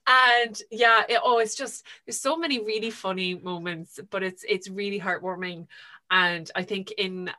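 Bright, chatty woman. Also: medium pitch, fairly even intonation, moderate pace. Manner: chatty, enthusiastic retelling with lots of fillers. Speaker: podcast co-host. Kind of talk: casual book chat.

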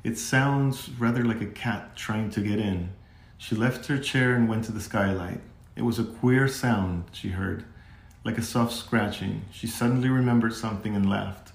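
A man narrating a children's classic as an audiobook in a steady, measured way. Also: on the low side. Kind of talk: scripted narration. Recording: echoey room.

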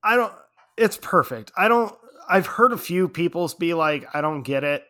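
Bright-voiced man telling an animated story. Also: a little high, moderate pace. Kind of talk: casual chat.

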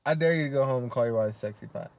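A man's voice: mid-range voice, racing, darkish tone. Chill young dude cohosting a podcast, blunt, teases his buddy. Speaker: podcast co-host. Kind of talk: casual chat.

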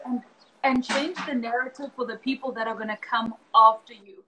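Woman podcast host, high voice, earnest and encouraging, faint background hum. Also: fairly even intonation, moderate pace, bright, forceful tone, rough recording. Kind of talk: casual conversation.

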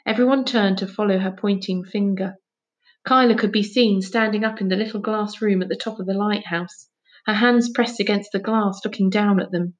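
A woman narrates a children's novel aloud at a mid pitch. Her reading is clear and steady, moving between description and quoted dialogue. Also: moderate pace. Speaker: audiobook reader. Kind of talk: storybook narration.

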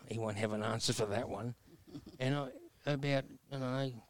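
A man's voice: mid-range voice, fairly even intonation, moderate pace. Blunt Australian man in his sixties. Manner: blunt, earnest, folksy with mild self-mocking humor. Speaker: guest. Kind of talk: personal storytelling interview.

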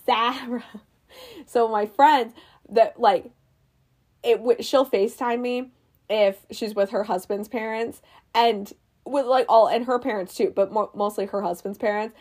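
A young woman with a slightly raised pitch talks in a casual, rambling chat. She restarts her sentences often and laughs easily as she tells the story. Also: fairly even intonation, unhurried, a little mellow. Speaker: movie review vlogger. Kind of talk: casual chat recapping a movie.

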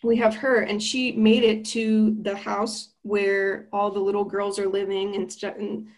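A woman's voice: medium pitch, little pitch movement, unhurried, darkish tone. A young woman recapping a horror film in a chatty, slangy and playful way.

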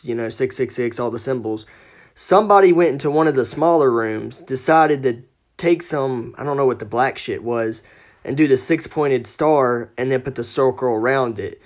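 A man's voice: mid-range voice, normal speed, darkish tone. A man telling a ghost story as a podcast guest, casual and profane, acting out the quoted lines.

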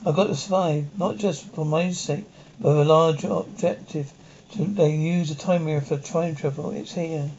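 A man's voice: a little high, normal speed, darkish tone, a little hiss or hum, natural voice. An actor playing a tense, driven man hunted through time in a 1960s TV drama, speaking urgently and insistently. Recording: dull lo-fi 1960s TV soundtrack.

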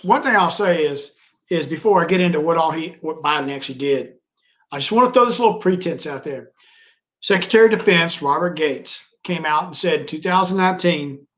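A man's voice: a little high, a bit bright. A man co-hosting a political podcast, talking bluntly with some mild cursing. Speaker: podcast co-host. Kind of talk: casual political commentary.

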